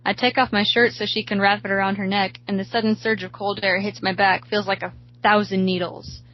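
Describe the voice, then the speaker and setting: A woman reading a horror story aloud in a steady, hushed way, recorded slightly dull. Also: mid-range voice, brisk, slight background noise.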